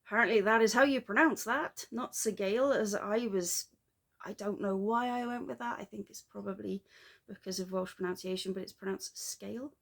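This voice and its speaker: A woman chatting casually in a craft vlog, rambling and self-deprecating with quick asides. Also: mid-range voice, creaky. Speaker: flosstube vlogger. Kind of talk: casual chat.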